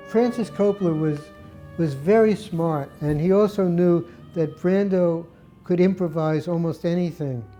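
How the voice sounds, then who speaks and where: A man's voice: sits high, unhurried, dark tone, faint music behind. An older man, a film set photographer, telling stories from past shoots in an interview and acting out remembered quotes. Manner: anecdotal, acts out remembered quotes. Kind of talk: storytelling interview.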